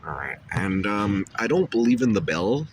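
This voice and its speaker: A man's voice: on the low side, very animated, moderate pace, a little hiss or hum. A man rambling profanely through a comedy skit, full of fillers and stoned asides. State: coughing and dizzy after a bong hit.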